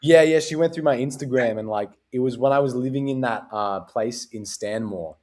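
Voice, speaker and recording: A man's voice: medium pitch, normal speed, darkish tone. Rambling, easygoing male podcast host. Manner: loose and rambling, heavy on fillers, swears freely. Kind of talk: casual chat.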